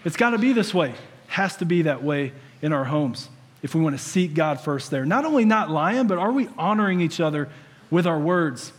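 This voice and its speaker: Man in his 30s giving a chatty funny sermon, kinda high voice, long hall reverb. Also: animated, moderate pace. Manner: conversational, humorous storytelling. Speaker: pastor.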